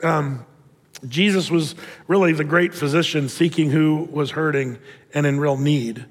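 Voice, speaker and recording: A man's voice: fairly high pitch, measured pace, big-room sound. A man preaching a casual sermon as pastor, telling jokey stories with lots of restarts. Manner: casual, joking storyteller with many restarts. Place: church auditorium.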